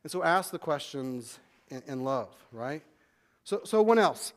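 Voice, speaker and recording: A man's voice: fairly high pitch, expressive. A man pastor preaching a sermon in a conversational way, often restarting and repeating words. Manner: conversational preaching, acts out quick back-and-forth dialogue.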